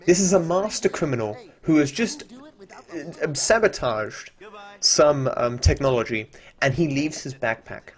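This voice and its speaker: A man's voice: a little high, expressive, measured pace. A man rambling casually as a streamer, swearing freely and often restarting his sentences. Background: faint chill hop music.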